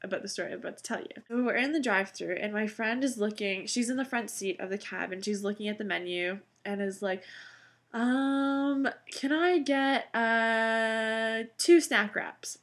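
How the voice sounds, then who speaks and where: Young adult woman, casual vlog storyteller, chatty, animated delivery. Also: mid-range voice, fast, hardly any pauses. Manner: chatty, animated, frequent "like" fillers and laughs. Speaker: vlogger.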